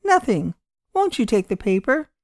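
A mysterious old man with a white beard speaks in a quiet, unhurried, cryptic way, as a woman reading the story puts him on. The voice is lifted well above her usual register and sounds dry and close. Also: fairly high pitch, sing-song, dry recording, pitched above the performer's own voice. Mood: calm cryptic.

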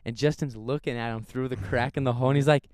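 A young man co-hosting a podcast, telling stories with loud high-pitched impressions of other people. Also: quick pace, no room sound, studio quality. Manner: animated storyteller, yells high when quoting people. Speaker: podcast co-host. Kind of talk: casual chat.

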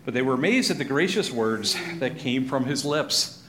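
A man teaching a Bible passage in a conversational way, animated and chuckling as he acts out the crowd. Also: mid-range voice, normal speed. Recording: echoey room with faint noise.

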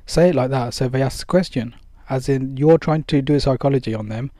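A man's voice: medium pitch, a little fast, mellow, no room sound. A man giving casual spoken advice in a loose, conversational way, full of fillers and acted-out dialogue.

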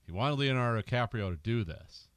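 A man co-hosting a casual movie podcast, animated and laughing as he acts out quotes. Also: mid-range voice, fairly quick, dry recording. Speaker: podcast co-host.

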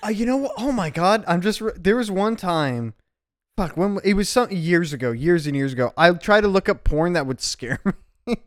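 A man's voice: high voice, lively intonation, moderate pace. A man hosting a casual podcast, talking in a loose, laughing, profane way. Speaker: podcast host.

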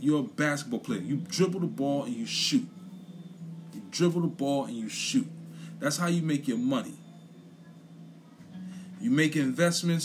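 A young man gives a blunt, profane opinion rant in casual chat, repeating his points for emphasis. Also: fairly high pitch. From Brooklyn, New York. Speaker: commentator.

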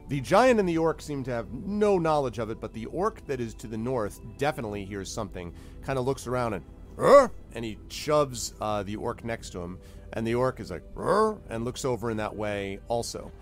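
A man narrates a tabletop game as game master. He is loose and chatty, filling the story with ums and mouth sound effects. Faint music plays underneath his mid-pitched voice. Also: moderate pace.

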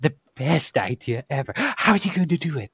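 A man voicing a sly scheming woman in a breathy whisper. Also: a little high, big pitch swings, fairly quick, fairly bright tone, dry recording, heavily acted. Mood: delighted whisper. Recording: dull lo-fi recording.

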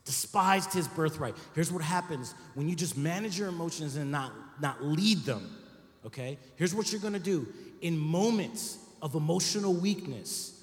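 A man's voice: a little high, animated, moderate pace. A man preaching a sermon as pastor, talking to the congregation in a conversational way and often checking in with "right?". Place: church sanctuary. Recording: echoey church hall.

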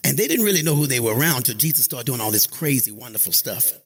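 A man preaching a sermon in church, lively, calling on the congregation and rising to shouts. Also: mid-range voice, fast, breathy edge. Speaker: pastor. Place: church sanctuary.

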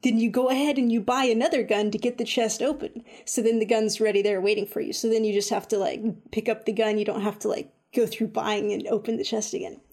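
A woman chatting casually about a game she has been playing, full of "like" and "um", animated when she retells her own reactions. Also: fairly high pitch, fast. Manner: chatty, lots of fillers like "like" and "um". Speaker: video game reviewer. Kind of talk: casual chat.

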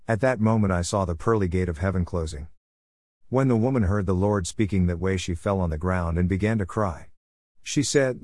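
A man's voice: low-pitched, a little fast, mellow, dry recording, studio quality. A man preaching an earnest, solemn sermon testimony about a vision of heaven.

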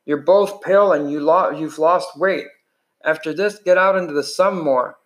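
A rough-voiced teenage greaser, cocky and blunt, ribbing the younger boys, as a man reading the book puts him on. His voice sits at an ordinary middle pitch for a man but often jumps higher when he snaps a remark. It comes across as a gruff storybook voice rather than a full performance. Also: moderate pace, lightly acted.

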